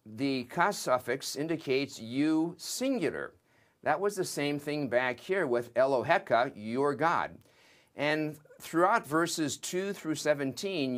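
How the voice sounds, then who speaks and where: An older man, a seminary professor, giving a slow and methodical lesson that works through a Hebrew scripture text word by word. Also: mid-range voice.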